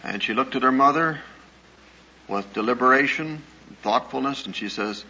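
On a dull, lo-fi old recording with faint hiss, an earnest man preaches in a medium-pitched, pushed, bright voice. He tells anecdotes in a sermon-style talk, measured and hesitant as he goes.

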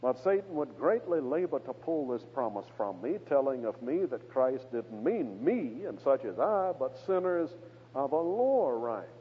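A man delivers a measured expository sermon in a husky voice, pressing hard on the scripture he quotes. His voice rings with long hall reverb and comes through a narrow, tinny radio band. His pitch sits in an ordinary middle range. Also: very animated, a little hiss or hum. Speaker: preacher.

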